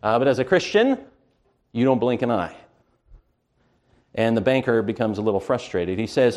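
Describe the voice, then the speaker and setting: A man preaching a sermon with emphasis, who slows down to stress key words and often pauses on "uh". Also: mid-range voice, expressive, a little mellow.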